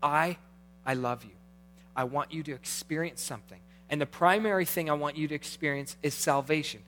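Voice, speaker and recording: A middle-aged man preaching a sermon as pastor, swinging between hushed, intimate passages and animated, rising ones. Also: a little high, brisk, slight background noise.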